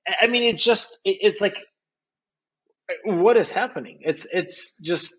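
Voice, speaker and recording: Male podcast co-host, husky and eager, many restarts, muffled lo-fi sound. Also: high voice. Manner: excited, rapid storytelling with many restarts. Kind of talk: casual chat about finance.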